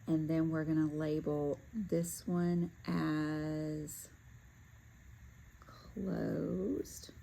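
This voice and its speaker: Slow low-voiced woman teaching. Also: monotone, dark tone, low-quality recording. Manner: talks to herself while working through steps, with fillers. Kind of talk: step-by-step classroom demonstration.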